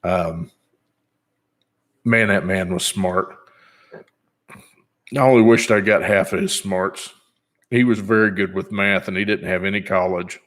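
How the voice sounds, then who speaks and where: A man's voice: deep voice, fairly even intonation, a little slow, pauses often, fairly bright tone. A man in his fifties chatting casually on his vlog in a rambling, easygoing way, with many fillers. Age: 50s. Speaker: channel host.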